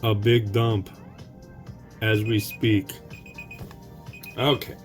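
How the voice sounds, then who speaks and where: Slow, rambling man reviewing noodles. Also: lowish voice, level tone, faint music behind. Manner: rambling, chatty, talks straight to viewers. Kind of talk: casual chat while cooking and tasting.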